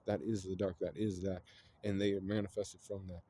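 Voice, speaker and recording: A man's voice: low-pitched, little pitch movement, normal speed, warm tone, slight background noise. A man casually retelling an anime plot, rambling with lots of fillers and some swearing. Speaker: storyteller.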